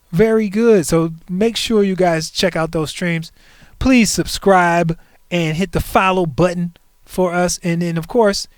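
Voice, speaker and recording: A man's voice: high-pitched, smooth, no room sound, clean studio sound. A man in his forties hosting a livestream, chatting casually in a playful, joking way and talking back to the chat. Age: 40s. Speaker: stream host.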